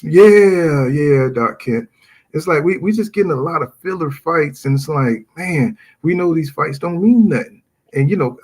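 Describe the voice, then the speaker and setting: A man hosting a relaxed boxing talk show, with a husky, somewhat breathy voice. He talks animatedly and reads viewers' comments aloud between his own opinions. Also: on the high side. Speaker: boxing podcast host. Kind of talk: casual chat.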